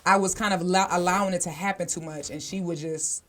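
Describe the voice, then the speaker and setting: A woman's voice: lowish voice, fairly even intonation, fast talker, a bit bright. A woman co-hosting a podcast, telling a personal story in a blunt, candid, casual way, swearing freely and talking straight to the listeners. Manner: conversational, speaks directly to listeners. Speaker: podcast co-host.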